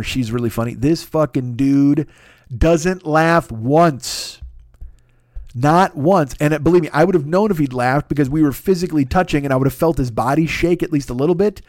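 A man's voice: medium pitch, normal speed, dry recording. Male stand-up hosting his own show, dry close mic, profane and worked-up monologue. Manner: animated, swearing, rants with mounting excitement. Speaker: podcast host; stand-up comedian.

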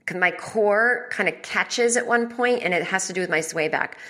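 A woman's voice: medium pitch, moderate pace, sharp tone. A woman hosting a comedy podcast from home, telling a rambling, exasperated story and swearing freely. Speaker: podcast host.

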